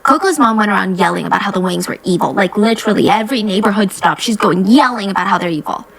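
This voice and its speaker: A woman hosting a true crime podcast, telling the case in an animated, conversational way with quick asides. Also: medium pitch, gravelly, poor audio.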